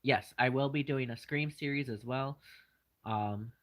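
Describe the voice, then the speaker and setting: A man's voice: medium pitch, measured pace, low-quality recording. A man hosting his channel, casually answering live chat questions in a rambling way with lots of fillers.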